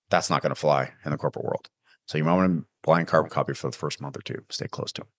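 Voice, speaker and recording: A very deep-voiced man talks straight to his listeners like a coach. He is emphatic and hands out practical business advice. The sound is dry and close, with no room echo. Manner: emphatic, coaching, acts out sales pitches. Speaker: podcast host. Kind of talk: casual business advice monologue.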